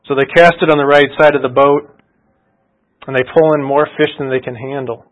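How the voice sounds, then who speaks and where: A man's voice: mid-range voice, little pitch movement, brisk, dull audio. A man preaching a sermon, retelling scripture in a conversational storytelling way and asking rhetorical questions.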